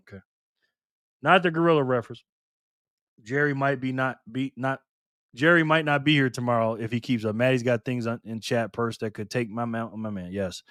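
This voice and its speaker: A man's voice: fairly high pitch, pushed and bright, no echo, studio quality. A man hosting a live stream, casually reading viewer comments and trading teasing, slangy banter with lots of laughter.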